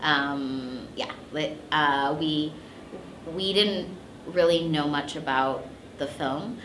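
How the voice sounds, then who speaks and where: A woman's voice: low-pitched, slow, a bit bright, slight background noise. A woman voice actress being interviewed, telling stories casually with lots of fillers and laughing asides. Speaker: voice actress guest. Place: convention interview room. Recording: echoey room.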